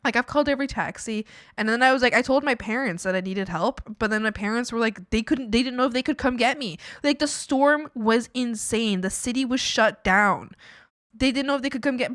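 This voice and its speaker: A woman's voice: sits high, fairly quick, a bit bright, dry recording, clean studio sound. A young woman streamer telling a rambling story in casual chat, with lots of fillers and laughter. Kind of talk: casual storytelling while drawing.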